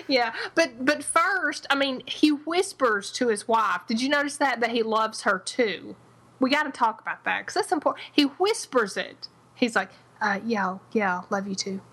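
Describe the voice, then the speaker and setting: A woman co-hosting a casual TV recap podcast, animated and acting out quoted lines. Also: high voice, measured pace, breathy edge, rough recording. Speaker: podcast co-host.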